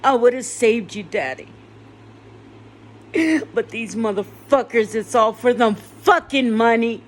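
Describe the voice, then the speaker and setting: A woman's voice: a little high, takes it slowly, long pauses. A tearful woman in a rambling, emotional personal monologue, swearing now and then and breaking into laughter.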